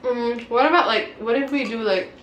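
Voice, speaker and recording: A woman's voice: a little high, normal speed, fairly bright tone. A young woman hosting a casual chat over a meal, giggly and eating as she reads out questions. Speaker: host. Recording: echoey room with background noise.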